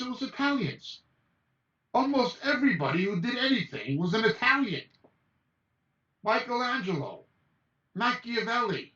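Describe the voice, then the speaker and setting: A man's voice: sits high, fairly bright tone. A man giving an impassioned message as a Bible teacher over a video call, talking emphatically and rattling off lists of names. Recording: echoey, distant, dull video-call audio.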